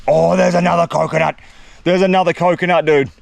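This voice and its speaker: A young man talks straight to the camera as he explores a jungle on his own. His voice sits a little high for a man, and he speaks in a loose, slangy way that keeps spilling over into excitement. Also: a little fast, vocal fry, noisy background. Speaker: survival vlogger. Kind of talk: solo outdoor vlog narration. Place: outdoors in a tropical jungle.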